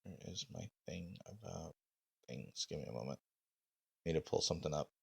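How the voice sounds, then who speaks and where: A man game master streaming a tabletop session, talking casually and haltingly with many ums and uhs. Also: a bass voice, gravelly, breathy edge, no echo.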